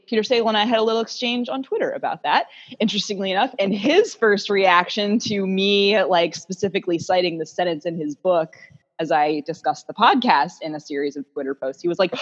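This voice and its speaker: A woman's voice: medium pitch, lively intonation, fairly quick. A woman co-hosting a podcast, talking in an earnest, reflective way in a heartfelt conversation. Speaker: podcast co-host. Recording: dull lo-fi sound.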